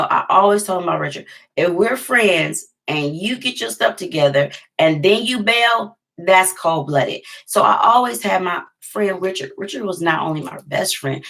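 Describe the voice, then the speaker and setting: A woman with a gravelly, creaky texture and a somewhat low voice. She tells a personal story to the camera in a casual, emphatic vlogging style and leans on repeated phrases to drive her points home. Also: animated, moderate pace, a bit bright.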